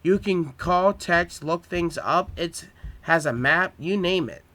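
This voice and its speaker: A man's voice: a little high, slow, bright, forceful tone. A man reading aloud a homemade story, voicing a blunt, teasing older male professor in a plain reading voice.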